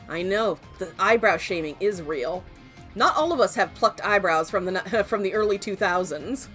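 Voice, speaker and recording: A woman's voice: medium pitch, animated, normal speed, a bit bright, soft background music. A woman streaming a video game, chatting playfully and joking about the characters. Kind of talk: casual gaming commentary.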